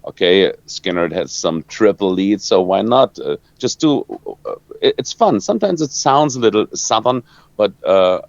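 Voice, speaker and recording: A lower-pitched man with a German accent, talking through an interview in halting English and stopping often to hunt for the next word. The sound is dull and lo-fi, dry with no room around it. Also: animated, creaky, dry recording. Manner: halting, searching for words, many restarts. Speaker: rock guitarist. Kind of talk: interview answers.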